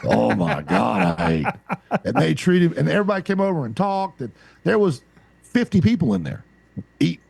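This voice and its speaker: Southern guy on a podcast rambling thru a story, rough husky voice, dry mic. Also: fairly high pitch, normal speed, no echo. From American South. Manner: rambling anecdotal storyteller, animated. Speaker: podcast co-host. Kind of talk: casual storytelling chat.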